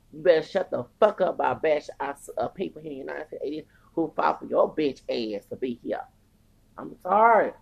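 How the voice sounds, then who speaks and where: Gravelly voice, angry profane rant, stumbling restarts, constant "okay?". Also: medium pitch. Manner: heated, cursing, stumbling restarts, repeated "okay?". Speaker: podcast host.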